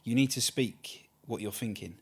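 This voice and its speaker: A man's voice: medium pitch, normal speed, breathy edge. A man in his thirties with an Essex accent, a guest in an interview, talking in a chatty, colloquial way with short repeated phrases. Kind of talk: casual interview chat.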